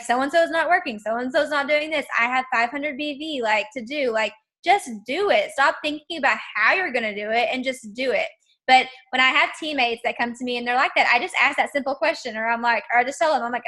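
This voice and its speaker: A network marketing team leader, a woman with a high, bright, forceful voice, chats casually and motivationally. She is emphatic and peppers her speech with "like."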